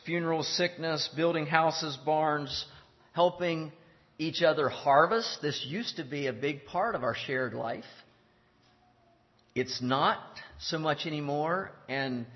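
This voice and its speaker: A man preaching a sermon in an earnest, deliberate way, repeating his key phrases. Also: fairly high pitch. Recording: dull lo-fi sound in a reverberant hall.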